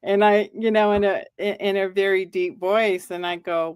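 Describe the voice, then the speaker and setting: A woman's voice: medium pitch, a little slow, hardly any pauses, smooth, no room sound, studio quality. A middle-aged woman telling a personal ghost story, acting out the lines she quotes. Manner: animated, acts out quoted lines. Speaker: guest storyteller.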